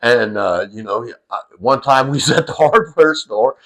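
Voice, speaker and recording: A middle-aged man with a medium-pitched, slightly bright voice speaks at a normal speed, sounding animated. He rambles through a funny family story, full of fillers, restarts and the occasional curse, in a casual storytelling way.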